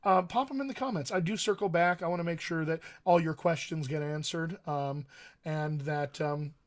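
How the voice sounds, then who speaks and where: A man's voice: on the high side, moderate pace. An American man, a dialect coach, teaching actors on a livestream in an earnest, emphatic way and repeating key phrases. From United States.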